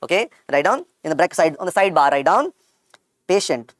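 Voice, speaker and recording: A man with an Indian accent and a croaky voice, teaching an online medical lecture and repeating key points to his students. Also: fairly high pitch, very animated, brisk, no echo, studio quality. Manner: repetitive, calls students "beta".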